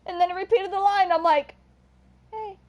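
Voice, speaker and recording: High-voiced young woman telling a rambling story. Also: little pitch movement, quick pace, dull audio, soft background music. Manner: rambling, self-interrupting, earnest. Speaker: streamer. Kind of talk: casual storytelling on a live stream.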